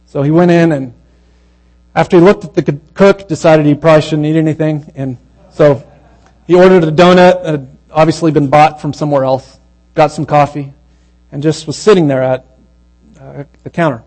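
Storytelling preacher with a hum behind. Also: male voice, fairly high pitch, fairly even intonation, poor audio. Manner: conversational storytelling that grows hushed and slow at the moving parts. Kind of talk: sermon storytelling.

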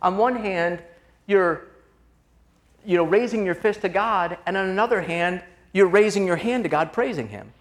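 A man's voice: high-pitched, moderate pace. A man preaching a sermon in a conversational, confessional way, calling his listeners "gang" as he moves between personal stories and scripture.

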